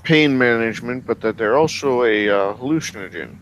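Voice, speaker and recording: A man's voice: medium pitch, moderate pace, a bit bright, lo-fi sound, slight background noise. A man running a tabletop game as game master, hesitant, with many fillers.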